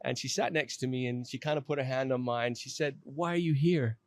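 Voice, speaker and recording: A man in his fifties, a podcast guest, telling a personal story in an earnest, animated way. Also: medium pitch, a little fast, dry recording.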